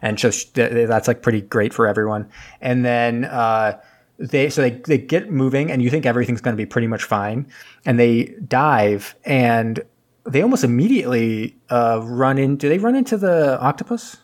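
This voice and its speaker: A man's voice: medium pitch, animated, moderate pace. A man casually recapping a movie plot on a podcast, rambling with lots of fillers and losing his thread. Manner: rambling, filler-heavy, loses his train of thought.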